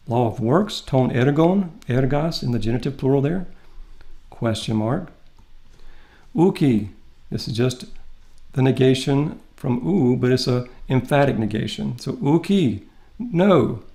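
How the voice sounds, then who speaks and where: Guy giving a recorded greek lesson, methodical, goes through it bit by bit with pauses, medium pitch. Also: vocal fry, mellow. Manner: methodical, explains step by step with pauses. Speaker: Greek teacher. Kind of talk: recorded lecture walking through a text.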